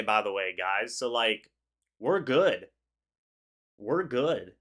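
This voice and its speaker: Young man, stuffy congested voice, laid-back livestream host, reads chat aloud, mid-pitched. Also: expressive, takes it slowly, bright, forceful tone, clean tone. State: congested after flu. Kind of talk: casual live chat reacting to viewer comments.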